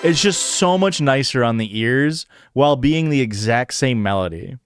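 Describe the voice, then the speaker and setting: A man's voice: medium pitch, lively intonation, normal speed, smooth, dry recording, faint music behind. A man hosting a podcast in a casual livestream chat, rambling and hesitant, full of "like" and "um" fillers. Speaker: podcast host.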